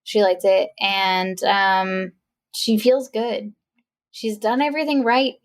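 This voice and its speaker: A woman's voice: mid-range voice, takes it slowly. A woman co-hosting a podcast, recapping a movie in casual chat and acting out characters' lines in playful voices. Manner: animated storytelling, acts out quotes in playful voices. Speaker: podcast co-host.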